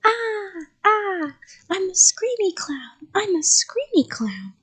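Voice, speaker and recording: A woman voicing a loud, bossy little kindergarten girl who shrieks with excitement. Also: slow, heavily acted. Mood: screaming. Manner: shrill, excited, screaming.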